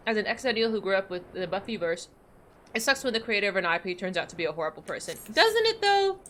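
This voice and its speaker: Bright, chatty woman streamer. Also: mid-range voice, big pitch swings, quick pace, slight background noise. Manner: chatty and rambling, gushes and laughs easily. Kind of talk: casual livestream chat while gaming.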